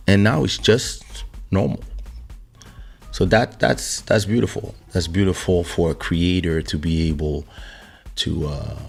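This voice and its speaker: Deep, slow-talking hoarse male podcast host. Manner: greets viewers by name, warm shout-outs. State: hoarse from losing his voice. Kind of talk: casual live-stream chat. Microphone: studio microphone.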